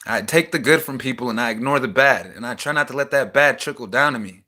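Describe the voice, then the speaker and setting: A man's voice: mid-range voice, fast talker, sharp tone. Agitated young man venting raw feelings. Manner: raw, agitated, swings from heated to subdued. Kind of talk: emotional personal rant to camera. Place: small house, indoors.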